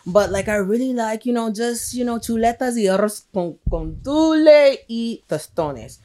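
A woman's voice: fairly high pitch, lively intonation, normal speed, dark tone. Joking woman, profane. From Puerto Rico. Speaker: guest. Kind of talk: casual chat.

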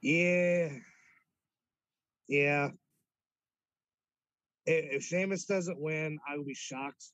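A man's voice: a little high, moderate pace, few pauses, no room sound. A man co-hosting a podcast in casual chat, teasing and playfully bragging. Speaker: podcast co-host. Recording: dull lo-fi podcast audio.

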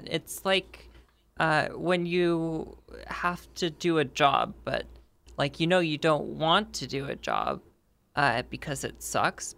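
A woman player in a tabletop role-play who argues in character in a rambling way. Her voice is very low and gravelly. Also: fairly bright tone. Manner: rambling, argumentative.

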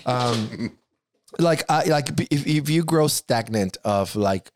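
A man's voice: mid-range voice, lively intonation, slow, a little hiss or hum. Rambling, profane middle-aged man. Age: around 50. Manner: rambling, profane, restarts often. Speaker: podcast co-host. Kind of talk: casual chat.

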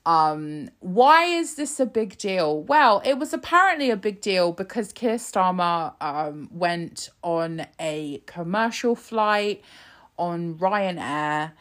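A woman hosting a political podcast in casual, sarcastic commentary, swearing freely and laughing at her own tangents. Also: low-pitched.

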